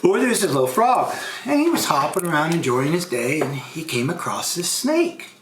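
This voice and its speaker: A man's voice: fairly high pitch, very animated, moderate pace, a bit bright, roomy sound, slight background noise. A middle-aged man in casual family chat, an easygoing storyteller. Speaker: family guest.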